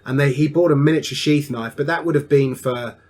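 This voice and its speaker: A man's voice: on the high side, brisk, darkish tone. A man, a podcast guest telling a family story at an easy, rambling pace with frequent restarts.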